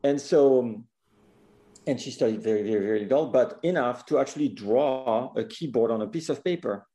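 A man with a thick French accent spins a lively tale of his childhood, talking fast and slipping into the voices of the people he quotes. His tone is low, warm and mellow. He laughs easily as he goes. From France. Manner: animated storyteller, acts out quoted voices, laughs often. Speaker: guest, pianist. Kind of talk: conversational storytelling interview.

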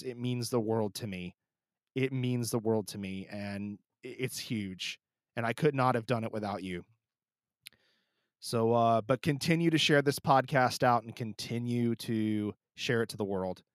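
A man's voice: mid-range voice, dry recording. A man hosting his own podcast in casual solo talk. He is teary and emotional, rambling with many restarts, close on the mic. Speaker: podcast host.

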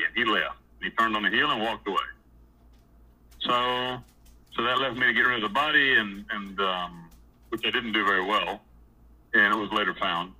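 A man's voice: on the low side, moderate pace, pauses often, slightly rough, low-quality recording. A man telling his own story in a casual, rambling way, with blunt and profane words and many restarts and repeated words. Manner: animated when recounting scenes.

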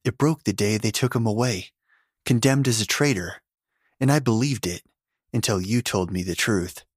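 A man's voice: on the low side, moderate pace, husky, dry recording, clean studio sound. A man reading a story, voicing a grieving, determined young woman who speaks in a tight, strained voice. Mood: strained, defiant.

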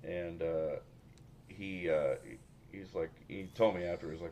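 Low-voiced rambling male podcast host. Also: fairly even intonation, normal speed, mellow, a little hiss or hum. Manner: rambling, profane, laughing often. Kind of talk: casual podcast chat.

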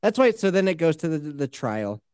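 A man's voice: a little high, a little fast, clean tone, no room sound, studio quality. A man in his thirties co-hosting a casual chat, telling stories with lots of swearing and acted-out quotes. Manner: profane, animated storytelling with acted-out quotes. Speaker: podcast co-host.

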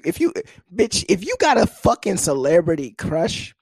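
A young man telling a comic story in casual, profane talk, with sudden jumps to high pitch for quoted people. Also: very animated, moderate pace, gravelly, darkish tone, breathy edge, no room sound.

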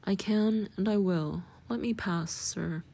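A woman's voice: medium pitch, gravelly, warm tone, husky, exaggerated voice. A woman reading a cool, firm young woman. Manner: brisk, impatient.

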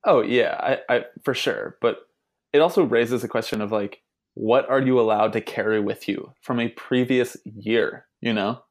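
Male podcast co-host, lively banter, mid-pitched, acts out quotes with a laugh. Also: moderate pace. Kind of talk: casual sports chat.

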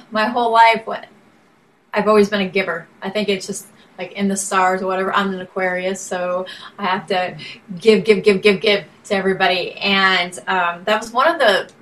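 A woman's voice: medium pitch, fairly bright tone, poor audio. Chatty laughing woman songwriter guest. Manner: rambling, laughs often, restarts sentences. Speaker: singer-songwriter and benefit auctioneer guest. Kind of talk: casual interview chat.

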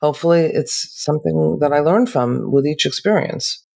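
A woman talking as a therapist on a podcast, calm and measured, slowing down to make her points. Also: low voice, vocal fry. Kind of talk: reflective podcast conversation.

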